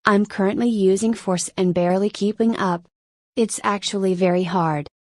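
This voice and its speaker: A woman's voice: medium pitch, fairly even intonation, moderate pace, a little mellow, dry recording, studio quality, lightly acted. Woman reading as a worn-out young man. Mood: strained. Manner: frustrated, complaining, out of breath. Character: exhausted young man pushed to his limits.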